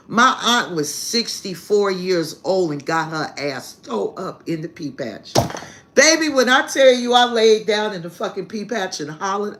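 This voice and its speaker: A woman of middle pitch holding court on a live stream, swearing freely and calling her listeners "baby". She tells a family story in a loose, unscripted way and laughs heartily as she goes. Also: a bit bright. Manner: brash and profane, calls listeners "baby". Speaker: spiritual reader hosting a live stream. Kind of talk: casual storytelling to a live chat.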